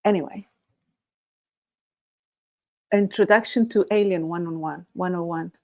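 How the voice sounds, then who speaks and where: Reading comments from chat, a woman hosts a laid-back live stream in an unhurried, lowish voice. Her manner is playful and chatty, with frequent laughter.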